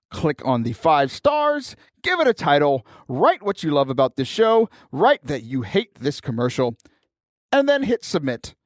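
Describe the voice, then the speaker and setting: Brief: animated young male podcast host, higher-pitched, jokey, dry close sound. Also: no echo. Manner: animated, joking, laughs while telling stories. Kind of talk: casual comedic talk show.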